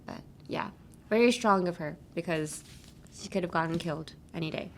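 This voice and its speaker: A woman's voice: on the low side, normal speed, a little hiss or hum. Chatty woman hosting a language lesson. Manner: chatty, explains phrases with many "like" and "um" fillers; switches between English and Japanese. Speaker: English lesson podcast host. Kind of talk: casual teaching chat.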